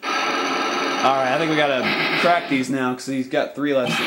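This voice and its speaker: A man's voice: mid-range voice, fairly even intonation, measured pace, heavy background noise. A man casually commenting while playing a game. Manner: casual, muttering asides. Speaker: let's play host. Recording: loud game music behind.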